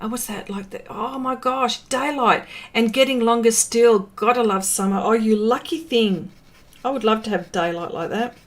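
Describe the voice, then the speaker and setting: A woman's voice: a little high, normal speed. An Australian woman hosting a live art stream, chatting casually and reading out viewer comments, with many fillers and small laughs.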